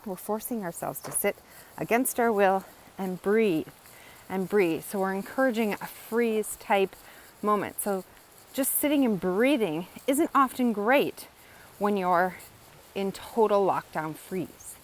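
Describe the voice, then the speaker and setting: A woman's voice: mid-range voice, expressive, a little slow, slight background noise, rough recording. Earnest woman teaching with repeated "right?". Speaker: wellness educator. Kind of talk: casual teaching monologue.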